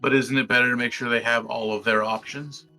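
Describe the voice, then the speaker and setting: Male player, gravelly and monotone, bright tone. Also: mid-range voice, a little fast, faint music behind, rough recording.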